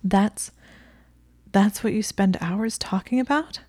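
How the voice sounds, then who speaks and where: A flustered, jealous young witch who stammers , read by a woman. The voice is low and mellow with a gravelly texture. It is recorded close and dry. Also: moderate pace, no room sound.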